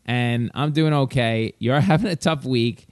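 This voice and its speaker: A man, a podcast co-host and comedian telling a story in fast, animated casual chat. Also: medium pitch, no room sound, studio quality.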